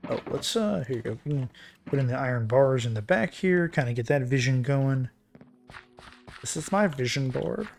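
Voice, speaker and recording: A man streaming a building game, thinking aloud in a relaxed, muttering way as he works. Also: mid-range voice, normal speed, creaky, faint music behind. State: hiccuping. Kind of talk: casual game commentary while building.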